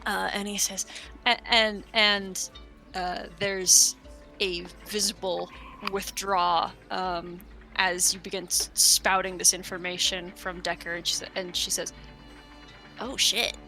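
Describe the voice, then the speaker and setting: Woman game master, slow and bright, halting narration, soft music under it. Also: lowish voice, little pitch movement. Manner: hesitant, many fillers, laughing.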